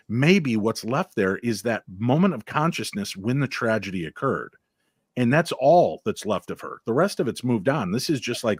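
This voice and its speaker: Lively storytelling man, dry sound. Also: medium pitch, husky, no echo. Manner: animated storyteller, acts out quoted voices. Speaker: paranormal investigator guest. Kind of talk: casual chat.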